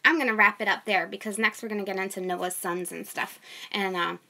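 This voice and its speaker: A woman's voice: mid-range voice, steady tone, a little fast, vocal fry, sharp tone. A young woman, a mother, reading scripture aloud and breaking off into casual, chatty commentary with fillers. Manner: reads steadily, then chats with fillers and light laughs. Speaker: Bible reader and host.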